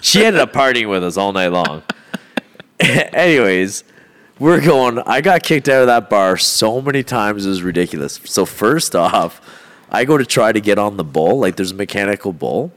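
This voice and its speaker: Man, fighter, podcast guest, casual storytelling, rowdy and profane, lots of laughs, lowish voice. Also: lively intonation, moderate pace, a bit bright.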